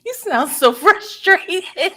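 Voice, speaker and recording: A woman's voice: very high voice, lively intonation, slow pace, pushed and bright. A woman hosting a casual livestream reaction chat, exclaiming and laughing often. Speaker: livestream host.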